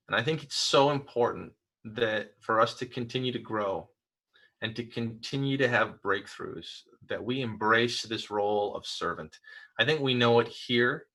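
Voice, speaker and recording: A male pastor delivers a conversational sermon full of personal stories, relaxed and hesitant, with lots of fillers and restarts. His voice is mid-range and his speed normal, though the recording quality is low.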